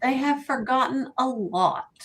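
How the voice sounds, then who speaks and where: High-voiced, slow-talking woman co-host. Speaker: co-host of live vintage sale. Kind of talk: casual chat.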